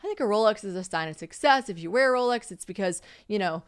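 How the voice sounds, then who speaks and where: A young woman hosts a casual podcast chat at a middle pitch. She tells stories with animated energy, acting out what people said and swearing freely. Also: fast, clean tone. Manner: animated storytelling, acting out quotes, frequent swearing. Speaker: podcast host.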